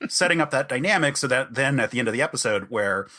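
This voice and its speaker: A man's voice: medium pitch, fast talker. A man in casual podcast chat, talking with eager enthusiasm. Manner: lively, enthusiastic, chimes in with eager agreement. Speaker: podcast panelist.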